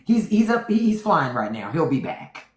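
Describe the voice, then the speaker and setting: A woman hosting a live stream, mocking and profane as she fires back at her chat. Her voice sits a touch low but swoops widely up and down. The sound carries the echo of a roomy space. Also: very animated, moderate pace, darkish tone. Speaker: podcast host on a livestream. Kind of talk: unfiltered livestream commentary.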